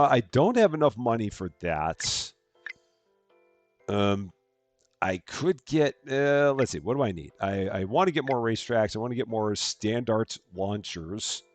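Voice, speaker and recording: A man's voice: lowish voice, no room sound. A man streaming a game live, chatting through his moves and thanking viewers as he plays. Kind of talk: live gameplay commentary.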